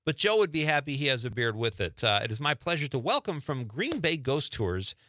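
A man's voice: mid-range voice, big pitch swings, a little fast, bright, forceful tone, a little hiss or hum. A man hosting a live radio show in a studio, chatting casually and upbeat, asking his guest lots of questions.

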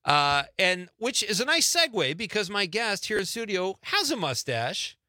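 A man's voice: sits high, sing-song, moderate pace, pushed and bright, no echo. A man hosting a live radio show in a studio, chatting casually and upbeat, asking his guest lots of questions.

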